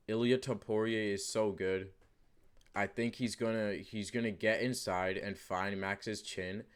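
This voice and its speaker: A man talking casually to camera as the host of his own channel. He rambles through his predictions with lots of fillers, restarts and emphatic repeats. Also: lowish voice. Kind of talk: casual unscripted commentary.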